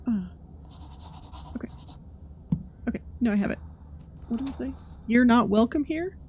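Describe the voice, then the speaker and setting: A woman's voice: a little high, moderate pace, mellow, highs cut off, slight background noise. A woman hosting a horror game playthrough, reacting nervously and talking to herself as she plays. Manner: jumpy, nervous, talks to herself. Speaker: gaming channel host.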